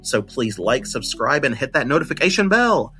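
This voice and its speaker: A young man hosting a solo podcast, thinking out loud and often restarting with repeated words. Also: mid-range voice, very animated, moderate pace, soft background music. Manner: analytical, thoughtful, repeats words when restarting. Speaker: podcast host.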